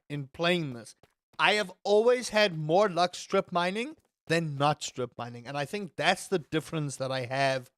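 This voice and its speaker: A male gaming streamer talking to his chat in a loose, joking way, with the odd swear word thrown in. His voice sits on the higher side for a man. The sound is close and dry, with no room on it. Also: a bit bright, no echo. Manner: chatty, joking, swears freely. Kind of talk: casual game commentary.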